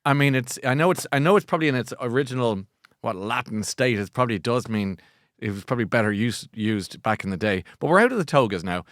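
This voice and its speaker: A man with an Irish accent hosting a book show, chatty and animated, often laughing at himself. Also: mid-range voice, fast, dry recording, clean studio sound. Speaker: host. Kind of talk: casual chat.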